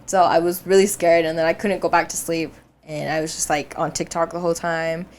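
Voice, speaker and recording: A low-pitched young woman, speaking fairly quickly over a faint hiss or hum, shares a dream on the podcast she co-hosts. Her casual telling is animated, full of laughter and acted-out voices of the people involved.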